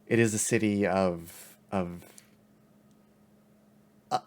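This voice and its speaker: A man narrating a tabletop game as game master, halting with fillers and laughing often. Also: deep voice, fairly even intonation.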